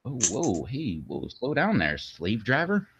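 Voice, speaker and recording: A man's voice: huge pitch swings, unhurried, a bit bright, slightly rough. A man hosting his video channel, chatting casually and rambling with lots of fillers. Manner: rambling, filler-heavy, jokey. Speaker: channel host. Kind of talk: casual chat on a video stream. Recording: dull, dry low-fidelity audio.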